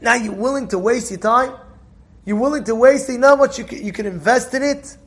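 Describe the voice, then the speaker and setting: A man's voice: extremely high pitch, fairly quick, fairly bright tone. A man giving an informal Torah lesson, telling stories animatedly with repeated phrases and acted-out dialogue.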